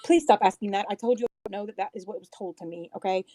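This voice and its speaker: A woman's voice: mid-range voice, fast, dark tone, dry recording. A woman caller on a livestream, blunt and defensive, swearing often. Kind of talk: heated call-in talk.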